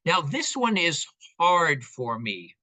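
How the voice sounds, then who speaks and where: Bright-voiced male lecturer. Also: on the high side, takes it slowly, poor audio. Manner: relaxed, with frequent fillers and asides. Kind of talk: conversational lecture.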